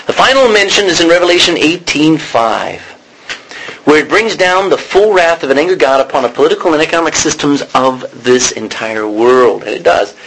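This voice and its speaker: A man teaching a sermon in a conversational way, often pausing to correct himself and clear his throat. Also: on the high side, fairly bright tone, slight background noise, rough recording. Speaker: preacher.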